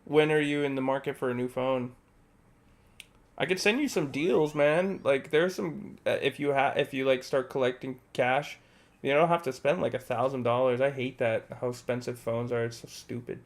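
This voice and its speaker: Gravelly laid-back young streamer guy. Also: mid-range voice, normal speed. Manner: laid-back, heavy on filler words like "bro" and "like". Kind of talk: casual chat while gaming.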